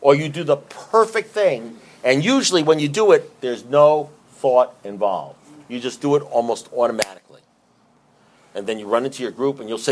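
A man's voice: on the high side, animated, brisk. Emphatic man giving a recovery talk. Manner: emphatic, conversational, repeats himself. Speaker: recovery speaker.

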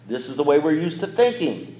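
A man's voice: on the high side, sing-song, brisk, noisy background. A man giving an unprepared talk at a recovery meeting, rambling and conversational with blunt, darkly joking asides. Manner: rambling and conversational, many "you know"s. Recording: echoey room.

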